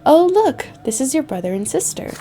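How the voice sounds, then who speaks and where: A woman's voice: sits high, big pitch swings, fairly quick, faint music behind, pitched above the performer's own voice. A woman voicing a tender mother figure in a story game. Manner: tender, soft-spoken.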